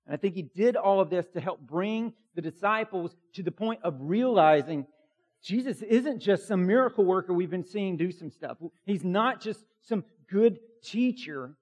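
A man's voice: high-pitched, animated, moderate pace, a little mellow. A man preaching a sermon as a pastor, emphatic and conversational, with many fillers.

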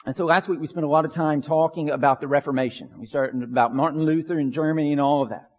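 A man's voice: a little high, fairly even intonation, fast talker, a little mellow, big-room sound. A man preaching a sermon as pastor, earnest, repeating phrases for emphasis.

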